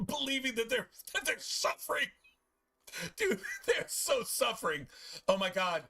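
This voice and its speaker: A man chatting casually while streaming a game, telling profane, animated stories about his pets. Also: very high-pitched, slow, creaky, long pauses, breathy edge. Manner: animated, profane storytelling with playful put-on pet voices.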